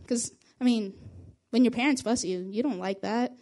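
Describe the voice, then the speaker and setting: A young woman, a youth group leader, giving a casual spoken testimony, talking quickly and chattily with little laughs between phrases. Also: a little high, darkish tone.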